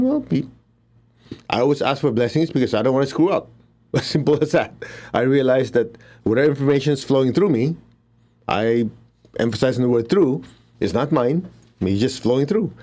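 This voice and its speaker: A man's voice: mid-range voice, warm tone. A middle-aged man teaching a spiritual healing session in a casual, chatty way, laughing often and making blunt asides. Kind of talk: casual spoken teaching with invocation.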